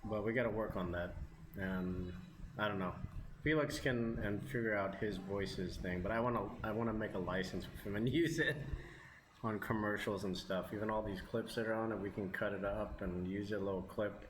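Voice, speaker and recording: A man's voice: lowish voice, normal speed. A man vlogging as he eats, chatting casually in a rambling way and chuckling often. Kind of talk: casual chat while eating on camera. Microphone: camera mic. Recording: roomy with background noise.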